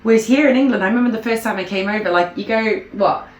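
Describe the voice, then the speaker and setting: A woman from Zimbabwe, chatting in a rambling, animated way while reacting to a video. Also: fairly high pitch, quick pace, dull audio. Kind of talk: casual chat. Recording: echoey room.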